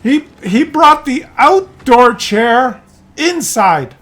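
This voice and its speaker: A man doing his shrill, scolding old mother. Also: expressive, drawn-out words, full character voice. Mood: plaintive. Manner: shrieking, scolding, high and loud. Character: elderly mother, shrill, complaining, bossy.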